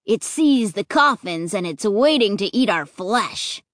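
A woman's voice: mid-range voice, lively intonation, a little slow, no echo, studio quality, lightly acted. A woman voicing a bratty young boy who is blunt and gleefully gruesome, in an audiobook reading.

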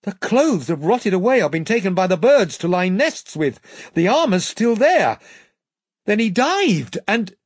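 A reader voicing a bold, quick-thinking boy in a storybook, speaking in an urgent, commanding way. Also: medium pitch, very animated, husky, no room sound, clean studio sound, voice pushed up.

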